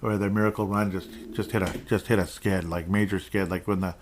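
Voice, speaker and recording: A man with a lowish voice hosts a casual sports podcast, rambling through his predictions and changing his mind as he goes. He chuckles often and keeps an offhand, chatty delivery. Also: fairly even intonation, brisk, slight background noise. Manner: rambling, self-correcting, chuckling. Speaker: podcast host.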